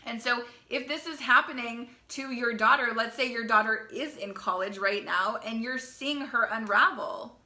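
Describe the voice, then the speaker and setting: A young woman coaching teen girls, talking in a live video to parents in a fast, chatty way, often repeating herself and asking "right?". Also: a little high, bright, forceful tone.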